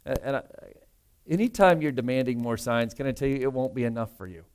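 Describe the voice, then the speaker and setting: A pastor preaching a sermon in a conversational, emphatic way, full of rhetorical asides. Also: male voice, mid-range voice, quick pace, darkish tone, clean tone.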